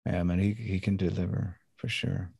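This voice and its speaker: A man in his fifties from Sweden with a light Swedish accent, talking in a relaxed, laid-back way as an interview guest. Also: deep voice, moderate pace, vocal fry, slightly rough, no room sound. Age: 50s. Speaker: guest musician. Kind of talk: casual interview chat.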